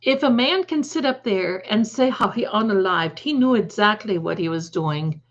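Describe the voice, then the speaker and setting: A woman's voice: mid-range voice, expressive, normal speed. A woman hosting a live stream, chatting casually in a rambling, emphatic way and often correcting herself mid-sentence. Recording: dull lo-fi stream audio.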